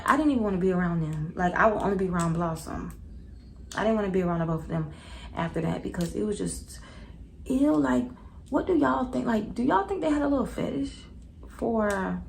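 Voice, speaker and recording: Young woman vlogger, casual storytime, animated and slangy, gravelly fry. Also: medium pitch, a little hiss or hum, rough recording. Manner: animated, slangy, talks straight to viewers.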